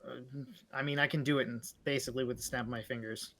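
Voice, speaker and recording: A man sits in on a tabletop game, talking in an easygoing, slangy way as he thinks aloud. His voice is a middling male pitch. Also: steady tone, fast, bright, forceful tone. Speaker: player. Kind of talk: casual chat at a game table.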